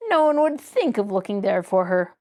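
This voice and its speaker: A woman reading the part of a reckless, sneering male riverman and kidnapper in an audiobook, voiced in a gruff, bossy way. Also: medium pitch, expressive, normal speed, darkish tone, natural voice.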